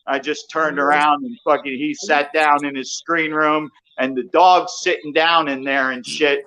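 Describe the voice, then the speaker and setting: A man on a casual call, telling a heated story in profane, worked-up bursts with loud shouted quotes. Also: fairly high pitch, moderate pace, hardly any pauses, slight background noise. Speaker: call-in guest.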